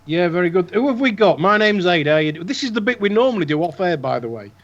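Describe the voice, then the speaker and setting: A man's voice: high-pitched, sing-song, quick pace. A man co-hosting a casual chat show, rambling and chatty with plenty of fillers. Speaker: co-host. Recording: dull lo-fi online call audio.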